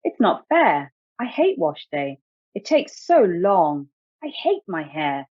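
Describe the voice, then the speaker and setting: Woman voicing a whiny little girl, squealing and high, lively, tinny phone-like sound. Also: moderate pace, no echo. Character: young girl with curly hair, impatient and sulky.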